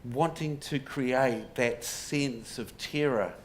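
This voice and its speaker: This is a public lecture in a pub, where a man with a medium-pitched voice talks slowly to a live audience. He tells stories with wry humour and poses rhetorical questions. The audience laughs, and there's faint room noise behind him.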